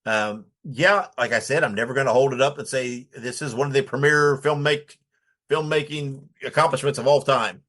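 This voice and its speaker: A man co-hosting a podcast, talking casually in halting stretches full of fillers. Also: mid-range voice, fairly bright tone. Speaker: podcast co-host.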